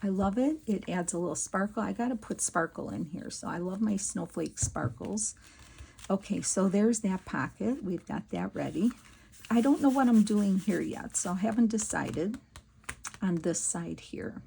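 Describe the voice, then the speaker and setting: Woman, casual craft tutorial chat, husky, gravelly, confiding and giggly. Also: mid-range voice, expressive, moderate pace, mellow. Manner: chatty, giggly, confiding, with many fillers. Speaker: crafting channel host.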